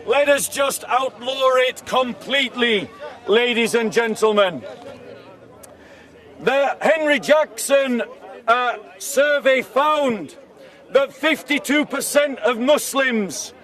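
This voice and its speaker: A man giving an open-air debate speech outdoors, shouting repeated accusing questions at the people around him. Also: very high-pitched, takes it slowly. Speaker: street speaker. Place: outdoor park speaking area. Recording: distant mic, crowd around.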